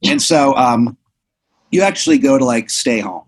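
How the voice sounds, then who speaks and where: A man's voice: mid-range voice, lively intonation, normal speed, breathy edge. A man hosting a comedy podcast, improvising a rambling story full of fillers and restarts. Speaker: podcast host.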